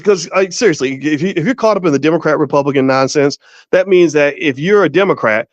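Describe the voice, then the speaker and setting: Male host, casual rambling monologue, fairly high voice, dry slightly muffled sound. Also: no echo. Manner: rambling, stumbles over repeated words. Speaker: podcast host, finance professor. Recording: dry, slightly dull recording.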